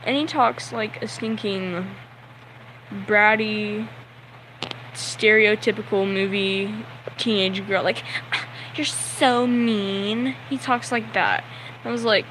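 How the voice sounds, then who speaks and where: A man's voice: high-pitched, fairly even intonation, slow pace, pauses often, noisy background. A young man telling a story on a livestream, nervous and sweaty, talking in a rambling way full of "like" and acting out the people in his story.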